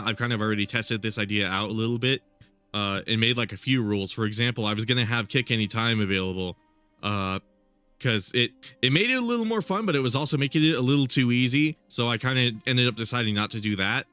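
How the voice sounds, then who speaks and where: A man's voice: mid-range voice, sharp tone, no echo. A congested young man streaming a game, talking casually and rambling with lots of fillers. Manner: rambling, filler-heavy, with frequent laughs. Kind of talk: casual live-stream gameplay commentary.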